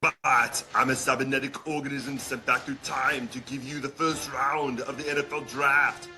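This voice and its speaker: A man doing an impression of a movie cyborg with an imitated Austrian-style accent, announcing draft picks in a clipped, commanding deadpan. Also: mid-range voice, normal speed, music in the background, close to an everyday voice. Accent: imitated Austrian-style movie-star accent. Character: gruff cyborg man sent back in time.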